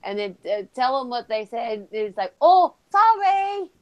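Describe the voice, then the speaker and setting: A woman's voice: medium pitch, steady tone, normal speed, lo-fi sound. A woman hosting a crude casual chat who eggs her guest on. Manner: egging the guest on, laughing, crude. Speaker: host.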